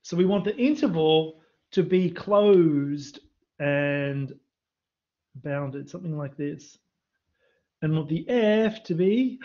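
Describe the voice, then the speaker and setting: A university maths lecturer with a slightly high voice leads a live-streamed revision lesson and quizzes students in the chat. The audio from his computer mic sounds dull.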